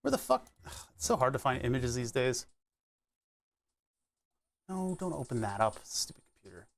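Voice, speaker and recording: A man's voice: medium pitch, big pitch swings, normal speed, vocal fry. A man streaming live, chatting casually and thinking aloud as he pedals an exercise bike, laughing often. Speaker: Twitch streamer.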